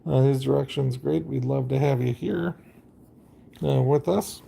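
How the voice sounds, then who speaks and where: Gravelly, chatty game streamer man. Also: medium pitch, measured pace, warm tone, a little hiss or hum. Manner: rambling, chatty, full of fillers. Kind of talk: casual live-stream commentary.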